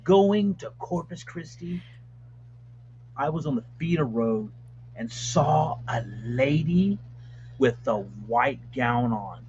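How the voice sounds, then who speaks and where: A man's voice: a little high, animated, a little mellow, highs cut off, a little hiss or hum. Man telling a ghost story in a mock-spooky voice. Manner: slow, drawn-out, theatrical. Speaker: co-host.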